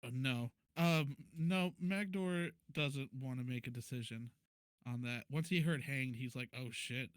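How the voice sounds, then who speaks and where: A man's voice: mid-range voice, unhurried, clean tone, no room sound. Man joking around as a tabletop player. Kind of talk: tabletop role-play.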